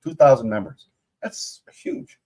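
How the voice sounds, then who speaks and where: A man hosting a casual interview, chatty and animated as he tells an anecdote. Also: mid-range voice, a little slow, slightly rough. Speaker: host.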